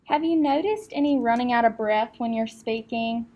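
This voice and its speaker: A woman acting as speech clinician, giving calm step-by-step test instructions with occasional fillers. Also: on the high side, moderate pace, highs cut off.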